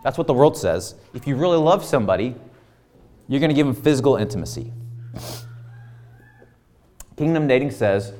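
A man's voice: mid-range voice, expressive, normal speed, long pauses, darkish tone. A man in his thirties preaching a conversational sermon full of rhetorical questions. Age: 30s. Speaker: pastor.

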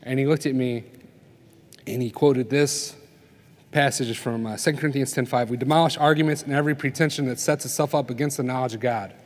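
A man's voice: mid-range voice, steady tone, fairly quick. Guy preaching at a conference, chatty, keeps asking "right?", echo hangs in the big hall. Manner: conversational preaching, tells stories, asks the crowd "right?". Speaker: speaker at a family conference. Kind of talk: sermon. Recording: long reverb of a conference hall.

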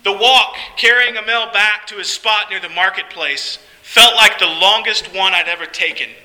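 A man's voice: high voice, sharp tone, poor audio. A man narrating a first-person story in an earnest, heartfelt way.

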